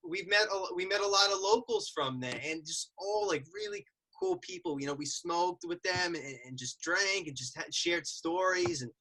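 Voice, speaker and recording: A man's voice: high-pitched, moderate pace, few pauses, pushed and bright. A man from the United States, a podcast host chatting with enthusiasm and slang. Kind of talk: casual podcast chat.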